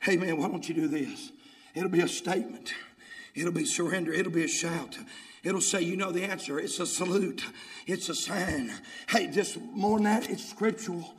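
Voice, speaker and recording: A man preaching a sermon, in call-and-response style, swinging from murmured lines to shouted ones. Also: high voice, moderate pace. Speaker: pastor. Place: church sanctuary. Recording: echoey hall with faint noise.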